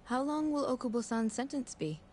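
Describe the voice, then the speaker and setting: A woman's voice: a little high, sing-song, brisk, darkish tone, slight background noise. A woman voicing a hesitant, cautious young nurse in a video game. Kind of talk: game voice acting.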